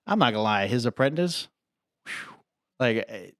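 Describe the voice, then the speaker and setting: A man co-hosting a podcast speaks fairly quickly in a mid-range voice with lively intonation. The audio is studio quality with no echo, and he rambles in casual chat, using "I mean" and "like" a lot.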